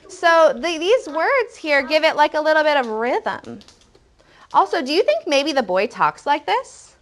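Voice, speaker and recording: A woman leads a first-grade classroom lesson in a lively, up-and-down voice, drawing out her words. She reads passages slowly with a steady rhythm and praises the children warmly. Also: high-pitched. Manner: animated, encouraging, reads lines slowly and rhythmically.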